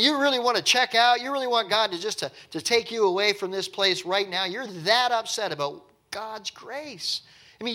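A man preaching a sermon in a conversational, animated way with wry asides, at an evening church service. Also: high voice. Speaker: pastor.

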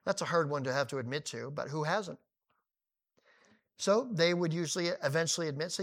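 Animated male preacher retelling a story. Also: on the high side, a little fast. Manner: animated, acting out quoted dialogue. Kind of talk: sermon.

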